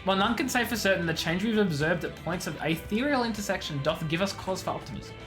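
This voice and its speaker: A man's voice: high-pitched, expressive, fast talker, music in the background, pitched above the performer's own voice. A man voicing a formal male scholar who speaks in stately, old-fashioned phrasing. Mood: solemn.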